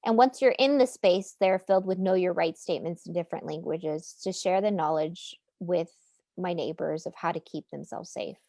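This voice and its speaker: A woman's voice: fairly low pitch, moderate pace, vocal fry, warm tone, no echo. A woman artist giving an earnest, impassioned presentation over a video call. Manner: earnest, impassioned, rising to a rallying close. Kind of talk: prepared presentation in a webinar.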